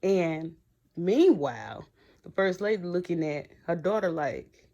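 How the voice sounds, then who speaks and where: Woman going over an episode, kinda low voice, blunt and slangy, talks right at the viewers. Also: sing-song, a little slow, dark tone, muffled recording. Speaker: TV episode reviewer. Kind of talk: casual recap chat.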